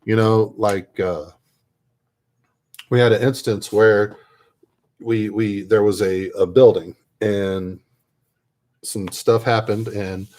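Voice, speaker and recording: A man's voice: lowish voice, steady tone, slow, long pauses, darkish tone. A man telling a rambling, self-interrupting tabletop gaming story in a casual way while painting at his hobby desk. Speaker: miniature painter and tabletop gamer.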